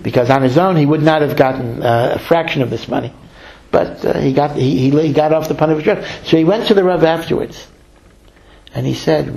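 A man giving a storytelling sermon, lively, slowing to stress key lines and acting out the voices he quotes. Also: fairly high pitch, vocal fry, poor audio. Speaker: rabbi.

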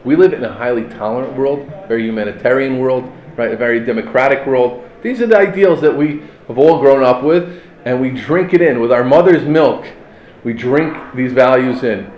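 A man giving an impassioned yeshiva talk, full of rhetorical questions and Hebrew and Yiddish terms, building from calm explanation to near shouting. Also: mid-range voice, normal speed, roomy sound, highs cut off. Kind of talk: sermon.

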